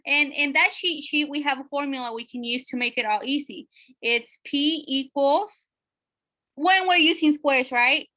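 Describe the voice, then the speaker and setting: A woman teaching a math lesson, asking her students questions and often pausing with fillers. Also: sits high, bright, forceful tone. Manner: checks in with questions, many fillers.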